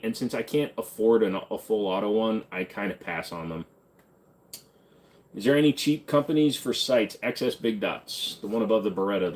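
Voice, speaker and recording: Blunt, low-voiced man hosting a live stream. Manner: blunt, offhand, hums and sings snippets between questions. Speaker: host answering chat questions. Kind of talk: casual live stream chat.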